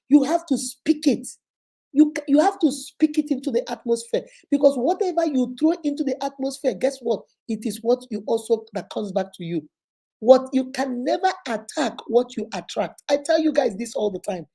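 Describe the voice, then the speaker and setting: Husky, preachy woman giving relationship advice. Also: fairly high pitch, animated, normal speed, mellow. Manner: preachy and emphatic, addresses listeners as sister and baby. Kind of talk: motivational faith-based advice talk.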